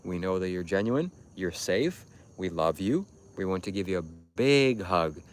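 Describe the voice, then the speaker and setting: A man's voice: low voice, expressive, moderate pace, slight background noise. A man hosting a livestream, talking to his chat in a preachy, insistent, repetitive way. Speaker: livestream host. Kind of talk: livestream monologue addressing chat.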